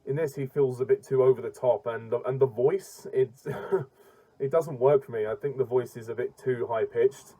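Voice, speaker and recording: A man in a casual film-review rant, mellow and warm in tone, blunt and exasperated as he trips over his words and starts again. His pitch sits at an ordinary middle height for a man. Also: steady tone, moderate pace, low-quality recording. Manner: blunt and exasperated, with frequent restarts and stumbles.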